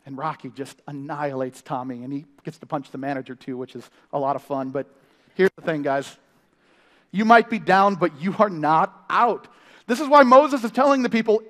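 A male family pastor preaching in a lively, storytelling way, with quick humor and playful impressions. His voice sits high for a man. It rings out with the long reverb of a large hall. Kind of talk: sermon. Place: church. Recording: live sermon in a reverberant hall.

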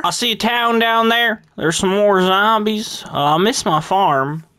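A man's voice: sits high, pushed and bright, dry recording, studio quality. A man voicing a chatty rural farmer in a put-on accent while playing a video game, talking folksy and calling everyone feller. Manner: folksy country talk, calls everyone feller. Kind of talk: let's play commentary in character.

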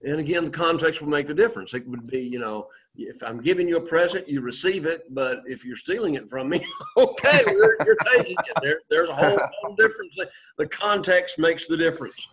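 A man's voice: on the high side, fairly quick, few pauses, a bit bright. Patient male Greek teacher, muffled recording. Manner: patient, repetitive explaining with frequent "okay?" check-ins. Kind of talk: classroom lesson. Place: classroom.

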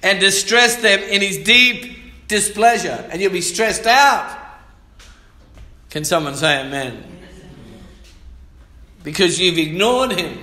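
A man's voice: sits high, expressive, slow, pauses often, pushed and bright. A man preaching a sermon as pastor, reading scripture aloud and calling for amens. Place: church hall. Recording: echoey church hall.

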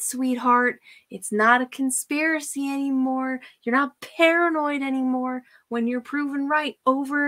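A woman's voice: high voice, a bit bright. A woman hosting her own channel, ranting profanely with scornful, sarcastic mockery and frequent laughter. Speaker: channel host.

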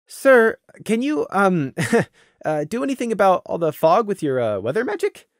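A man's voice: a little high, sing-song, moderate pace, darkish tone, no echo, clean studio sound, pitched above the performer's own voice. A man voicing a nervous young deer soldier who hesitates with ums and uhs.

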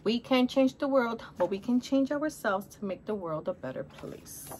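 A woman's voice: a little high, expressive, normal speed, darkish tone, slight background noise. Chatty middle-aged woman with Spanish accent. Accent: Spanish-accented English. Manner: chatty and upbeat, calls viewers honey. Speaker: haul vlogger. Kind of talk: casual shopping haul chat.

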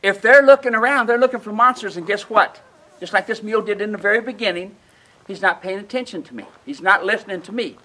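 A man with a high, bright voice teaches mule handling outdoors at a ranch. He is folksy and emphatic and keeps checking in with his listeners. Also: quick pace, poor audio. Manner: folksy, emphatic, asks the audience questions. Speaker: mule trainer. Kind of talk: outdoor training demonstration.

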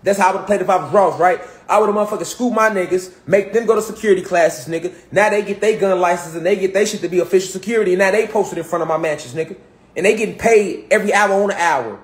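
A man launches into a profane, impassioned rant, hammering the same points again and again. His voice sits high and the words tumble out quickly. The room gives his voice a roomy, echoing ring. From Chicago. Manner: emphatic, profane, repetitive street talk. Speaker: commentator.

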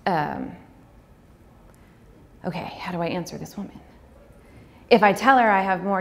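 A woman giving a personal talk, speaking candidly and heartfelt with fillers, sometimes breaking into quick, acted-out dialogue. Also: fairly low pitch, animated, creaky. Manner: acts out dialogue in quick bursts. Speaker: speaker on pregnancy loss.

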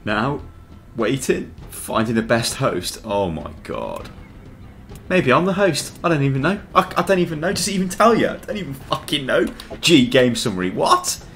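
Grumbling young gamer, lively pitch. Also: male voice, normal speed, soft background music. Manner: grumbling, swearing, laughing at the game. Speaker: gaming channel host. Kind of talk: casual gameplay commentary.

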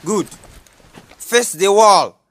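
A woman's voice: mid-range voice, animated, drawn-out words, a little hiss or hum. A woman playing a strict schoolteacher who scolds her class, with a Nigerian accent. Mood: scolding. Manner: scolding, shouty. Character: strict shouting female schoolteacher. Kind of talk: comedy skit acting.

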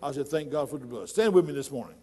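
A middle-aged man preaching a sermon in a church, folksy and conversational, building to loud emphatic points. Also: on the high side, lively intonation, quick pace. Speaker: pastor.

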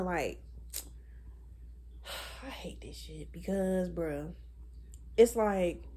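A young woman in her twenties chats on camera in a blunt, profane, animated way. Her voice is husky, with a dark, mellow tone. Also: fairly low pitch. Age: 20s. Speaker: vlogger. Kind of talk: casual chat.

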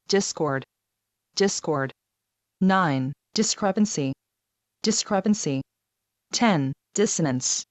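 Woman, vocabulary list reader, very slow and deliberate, slightly low voice, dry close sound. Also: a little mellow, dry recording. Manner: reads each word twice, evenly paced.

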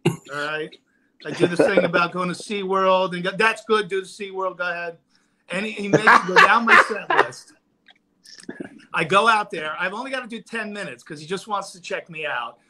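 A man's voice: sits high, moderate pace, a little hiss or hum. A man telling a stand-up comedy story casually on a podcast, acting out the quotes. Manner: animated, acts out quotes. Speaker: guest comedian. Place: podcast studio.

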